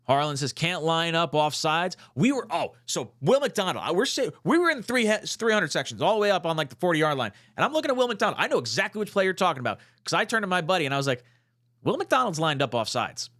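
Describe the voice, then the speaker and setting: A young man hosting a casual fan talk show, reading out chat comments and getting fired up, swearing and nearly shouting at times. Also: high voice, fast, few pauses, dry recording, clean studio sound. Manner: excitable, swearing, rising to near shouts when fired up. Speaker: podcast host.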